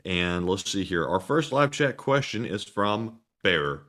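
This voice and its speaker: Low-voiced man reading viewer donations. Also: measured pace. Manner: plain, steady reading of names and questions. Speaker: co-host reading super chats. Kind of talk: reading viewer questions on a livestream.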